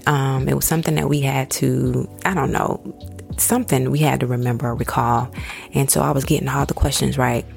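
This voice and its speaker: Low, gravelly-voiced woman telling a story. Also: steady tone, brisk, a little mellow, faint music behind. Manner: conversational, addresses listeners as y'all, acts out quoted voices. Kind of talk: casual personal storytelling.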